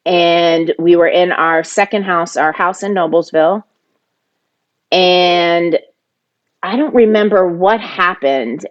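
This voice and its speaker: Woman, middle-aged, personal storytelling, emotional. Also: on the low side. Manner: emotional, animated when reenacting arguments. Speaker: podcast guest.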